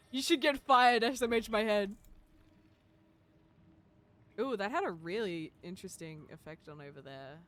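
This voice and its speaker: A man's voice: high voice, unhurried, pauses often, fairly bright tone. A young man streaming a game, chatting casually with his viewers in a giggly, teasing way. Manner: giggly, playful teasing of chat. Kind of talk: casual game livestream chat.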